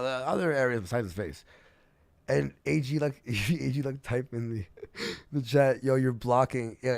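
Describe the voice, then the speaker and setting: Brief: young male streamer, gravelly, rambling storyteller, mid pitch. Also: dry recording. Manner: rambling gossip storyteller, swearing, laughing. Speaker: streamer host. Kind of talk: casual livestream chat.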